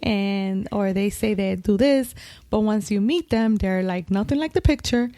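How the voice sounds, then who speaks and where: A woman's voice: medium pitch, unhurried, warm tone, no room sound. Dry-sounding female podcast co-host. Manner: curious interviewer, lots of "like" and "um". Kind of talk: casual chat.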